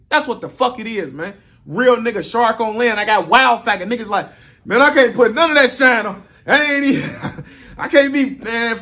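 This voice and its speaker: High-voiced man telling a street story. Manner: animated, swaggering street storytelling with acted-out voices and sound effects. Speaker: interview guest. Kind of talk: casual storytelling.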